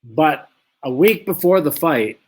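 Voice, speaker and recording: With an unhurried delivery and a voice on the high side, this man tells an extended boxing story as an interview guest. A former fighter, he animates the anecdote by performing both parties in every conversation.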